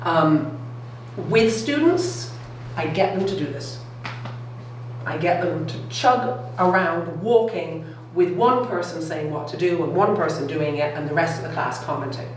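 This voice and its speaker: Woman, middle-aged lecturer, low, keen and chatty, very echoey room. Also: animated, normal speed. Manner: enthusiastic, keeps checking in with "okay?" and "all right?". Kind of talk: public science lecture. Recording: echoey room, distant mic, faint noise.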